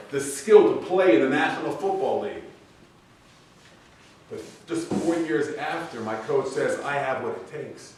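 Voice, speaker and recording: A middle-aged man giving a graduation speech, an animated storyteller who acts out the people he quotes. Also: fairly high pitch. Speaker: commencement speaker. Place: large event hall. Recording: echoey hall, voice from far off.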